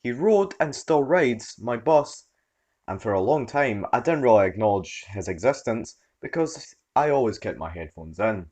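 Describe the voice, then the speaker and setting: A man reading a story aloud as its narrator, in an expressive storytelling manner. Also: medium pitch, moderate pace. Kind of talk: scripted narration.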